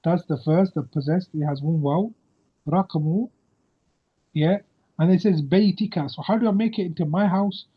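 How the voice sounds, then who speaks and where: A man's voice: high voice, slightly rough. A man teaching an Arabic grammar lesson over a video call, patiently quizzing his student. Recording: muffled video-call audio.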